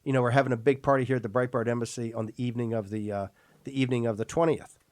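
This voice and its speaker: A man's voice: mid-range voice, fairly even intonation, rapid-fire, a little mellow, no echo. A man hosting a political talk radio show, emphatic and rambling, often repeating and restarting words.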